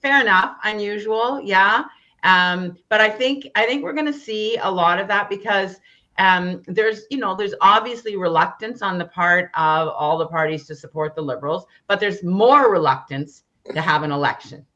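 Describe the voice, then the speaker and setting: A woman's voice: mid-range voice, moderate pace, sharp tone, highs cut off. A woman on a political panel, patiently explaining parliamentary procedure.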